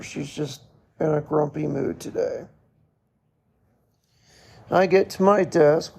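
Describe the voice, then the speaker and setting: A middle-aged man hosting a podcast, telling a personal story in a slow, reflective way with short laughs. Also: on the high side, darkish tone. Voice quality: gravelly, husky. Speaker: podcast host.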